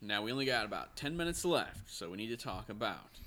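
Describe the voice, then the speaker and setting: A man co-hosting a podcast in casual chat, talking in an animated, excitable way. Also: fairly low pitch, a little fast. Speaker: podcast co-host.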